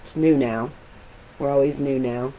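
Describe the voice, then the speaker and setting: A middle-aged woman, an artist, talking casually and reflectively while showing her sketches, with soft laughs now and then. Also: very deep voice, steady tone, unhurried, a little hiss or hum, poor audio.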